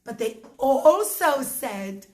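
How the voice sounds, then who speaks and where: A woman voicing a wise, hopeful old male rabbi who speaks in a calm, reassuring way. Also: sits high, slow, full character voice. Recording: roomy echo.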